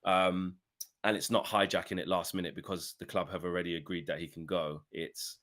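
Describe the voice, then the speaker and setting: A man hosting a casual fan podcast over a call, chatty and animated, with slangy banter. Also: low voice, a little fast. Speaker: host.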